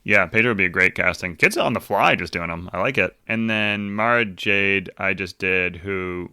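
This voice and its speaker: A man co-hosting a casual podcast chat, animated and laughing often, his pitch jumping when he makes a point. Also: normal speed, clear, resonant tone, no echo, clean studio sound. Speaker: podcast co-host.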